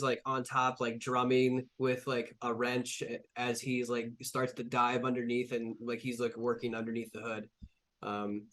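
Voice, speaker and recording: A man running a tabletop game as its game master. He narrates loosely, with lots of "like" and "um" between descriptions. His voice sits at an everyday middle pitch. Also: fairly bright tone. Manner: casual, full of fillers and restarts.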